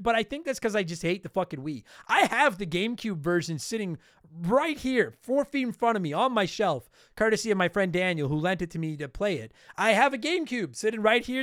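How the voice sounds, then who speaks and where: High-voiced, clear-toned profane podcast host. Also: male voice, fairly bright tone, dry recording, studio quality. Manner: blunt, profane, ranting. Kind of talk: casual podcast talk reading listener mail. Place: home room with game shelf.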